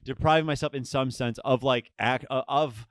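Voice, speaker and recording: Young man, halting casual podcast talk, smooth voice, dry close sound. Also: medium pitch, fairly even intonation, a bit bright, no room sound. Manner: halting, full of restarts and filler. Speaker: guest.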